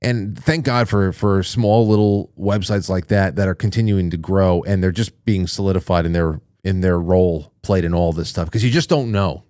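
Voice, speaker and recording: A man's voice: low-pitched, normal speed, few pauses, a little mellow, smooth, no room sound, studio quality. A man hosting a call-in show, reading viewer messages aloud in a chatty, jokey way and reacting with surprise. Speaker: radio show host.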